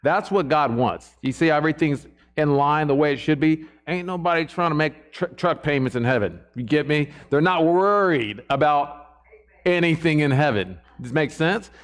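A man preaching a sermon to a church congregation in a conversational way, often checking in with the listeners. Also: fairly high pitch.

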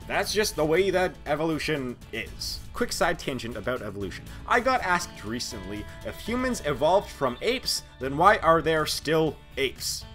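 A man's voice: mid-range voice, a bit bright. A man hosting a casual science commentary video, chatty and jokey as he explains.

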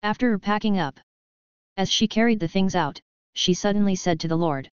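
A woman reading an audiobook as narrator in an even, steady manner. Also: mid-range voice, normal speed, clean tone, no room sound. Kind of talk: scripted narration. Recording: dull lo-fi dry audio.

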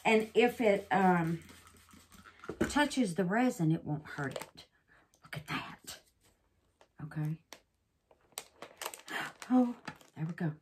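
Demonstrating a resin craft, a woman chats casually, exclaiming and referring to her viewers as babies. Her lowish voice has lively intonation, and she talks slowly with long pauses. There is slight background noise.

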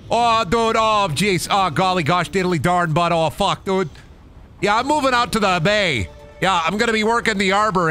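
A man's voice: high-pitched, bright, forceful tone, pitched above the performer's own voice. Man putting on a folksy Minnesotan dock worker. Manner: drawling, calls everyone bud.

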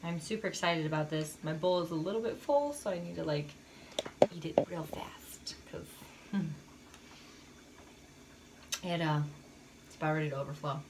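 A woman's voice: sits low, moderate pace, long pauses, very noisy. A young woman chatting casually to her vlog camera in a rambling way, with lots of fillers and small laughs. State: shivering with cold. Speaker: vlogger. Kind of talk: casual chat.

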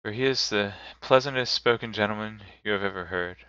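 A man's voice: fairly low pitch, brisk, sharp tone, smooth, dry recording, lo-fi sound. A man voicing a poor, loving father in grief, earnest and plain-spoken, in a live reading of a classic novel. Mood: sorrowful.

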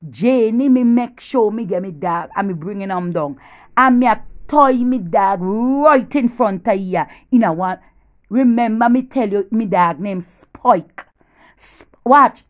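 With a mid-range voice and a Jamaican accent, a woman performs a humorous one-sided phone call, gossiping with animation and alternating between loud boasting and low whispers.

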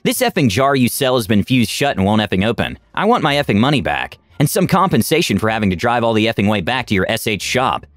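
A man's voice: mid-range voice, big pitch swings, fast, hardly any pauses, fairly bright tone, no echo, faint music behind. A man voicing an angry, rude male customer who curses as he complains. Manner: angry, cursing. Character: rude, loud adult male customer, bullying.

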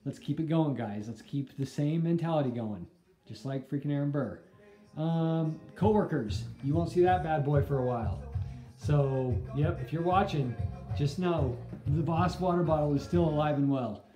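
A woman in her thirties with a low, mellow voice vlogs casually at home, chatty and upbeat as she talks straight to her viewers. The room rings with echo and faint music plays behind her. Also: normal speed. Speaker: family vlogger. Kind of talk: casual home vlog to camera. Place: family home indoors.

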